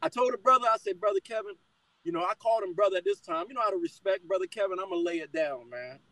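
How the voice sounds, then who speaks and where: A man's voice: sits high, quick pace, sharp tone, no echo, poor audio. A middle-aged man telling a personal testimony in conversation, fired up and calling the listener brother again and again.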